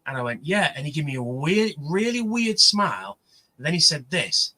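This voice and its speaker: A man's voice: fairly high pitch, very animated, normal speed, pushed and bright, poor audio. A man telling rambling stories in a casual livestream chat, full of fillers. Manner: rambling, chatty storyteller with many fillers. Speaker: livestream co-host. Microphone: livestream mic.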